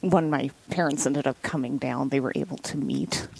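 Gravelly low-voiced woman. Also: moderate pace, darkish tone, rough recording. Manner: chatty, laughs often. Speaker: guest. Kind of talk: casual storytelling interview.

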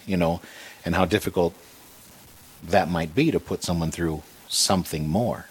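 A man earnestly recounting a painful hospital stay in a conversation about faith, halting and restarting as he talks. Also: low voice, husky. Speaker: guest sharing a personal story.

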